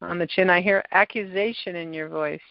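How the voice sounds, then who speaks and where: Calm woman coaching a tapping session. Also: on the low side, brisk, vocal fry, dry recording. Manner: calm, coaching, gives step-by-step prompts. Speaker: tapping practitioner and podcast host. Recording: dull, lo-fi sound.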